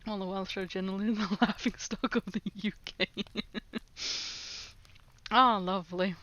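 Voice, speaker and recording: A woman's voice: medium pitch, fairly even intonation, moderate pace, a bit bright, dull audio. A woman streamer chatting casually with her chat, laughing often. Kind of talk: casual livestream chat, reading chat aloud.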